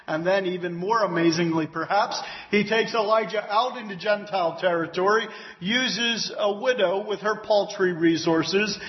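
Brief: earnest male preacher, fairly high voice, teaching Scripture with emphasis; lo-fi, muffled tape. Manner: earnest and emphatic, with exclamations of praise. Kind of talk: expository Bible teaching. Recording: dull lo-fi recording.

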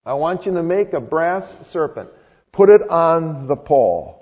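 A man voicing a calm, commanding God. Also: a little high, breathy edge. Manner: measured, instructive. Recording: echoey hall, dull lo-fi sound.

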